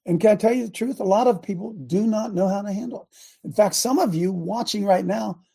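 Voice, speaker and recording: An older man hosting a talk show, a former football coach who talks loud and emphatic and repeats himself for emphasis. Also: high voice, fairly quick, vocal fry, husky. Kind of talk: impassioned talk show monologue.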